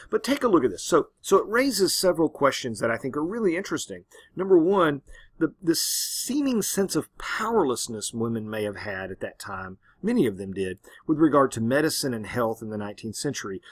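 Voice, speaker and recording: A man's voice: mid-range voice, no echo. Man lecturing in a dry room. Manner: conversational, frequent "right?" and "um". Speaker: literature lecturer. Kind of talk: classroom lecture.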